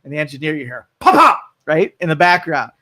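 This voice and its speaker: A male talk radio host with a fairly high voice rambles through his opinions fast, loosely, and casually. He drifts between points, restarts sentences, and throws in asides, all in a chatty, animated manner.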